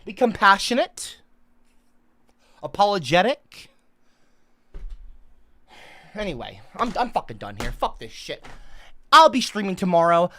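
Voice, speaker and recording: A man live-streaming in an angry, profane rant, swinging into yelled insults. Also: high voice, wildly swooping pitch, fairly quick. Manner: profane, volatile, yelling insults.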